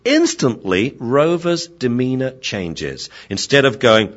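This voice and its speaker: A man, a veterinarian and dog trainer, explaining dog behavior in a lively storytelling manner. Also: low voice, moderate pace. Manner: lively storytelling, acting out scenes. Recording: dull lo-fi sound.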